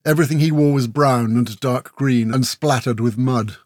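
A man narrating a fantasy story with steady, vivid emphasis. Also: medium pitch, moderate pace, no room sound, clean studio sound. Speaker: audiobook narrator. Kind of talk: scripted narration.

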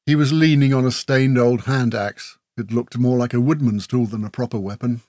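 A man narrating a fantasy story with steady, vivid emphasis. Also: medium pitch, normal speed, no echo, studio quality. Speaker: audiobook narrator. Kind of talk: scripted narration.

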